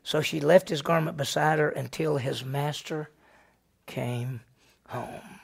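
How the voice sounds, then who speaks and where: A middle-aged man, a pastor, teaching a Bible study lesson in an animated way, firing questions at the class and answering them himself. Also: a little high, slow pace, gravelly, slightly rough.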